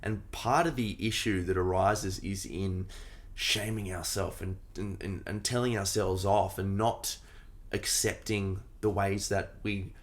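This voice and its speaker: A man who coaches breathing, talking as a podcast guest in an animated, playful way and often acting out little voices. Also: sits low, a little slow, few pauses. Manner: animated, playful, acts out voices when making a point. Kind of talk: casual conversation.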